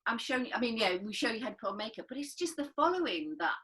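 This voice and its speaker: Bright-voiced chatty woman co-host. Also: on the high side, very animated, rapid-fire, poor audio. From northern England. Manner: rambling, self-interrupting, laughs often. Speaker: podcast co-host. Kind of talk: casual chat.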